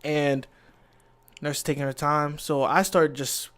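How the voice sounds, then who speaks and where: Animated man telling a work story. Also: fairly high pitch, a little slow. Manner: animated, acts out quotes, exasperated at interruptions. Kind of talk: casual storytelling chat.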